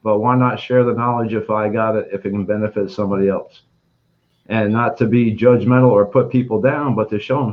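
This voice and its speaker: A man with a lower voice answers interview questions in short, plain, clipped phrases. His audio sounds dull and lo-fi. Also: fairly even intonation, a little fast. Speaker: guest.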